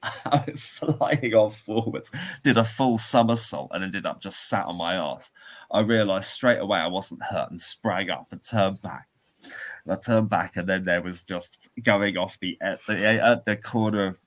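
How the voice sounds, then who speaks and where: A man, co-hosting a podcast and telling a rambling story with laughs and restarts. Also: on the low side. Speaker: podcast co-host. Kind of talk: casual chat, storytelling.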